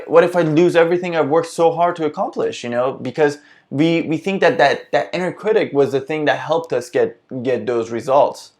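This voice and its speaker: A man hosting a casual self-help vlog, talking earnestly and reflectively, often restarting his sentences as he thinks aloud. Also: medium pitch. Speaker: vlog host.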